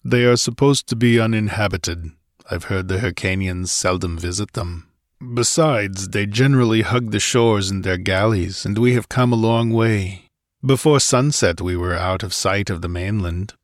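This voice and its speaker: Conan, a man doing a gruff barbarian. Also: on the low side, moderate pace, no echo, studio quality, natural voice. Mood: matter-of-fact. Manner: gruff, blunt. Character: gruff barbarian warrior, blunt and hungry.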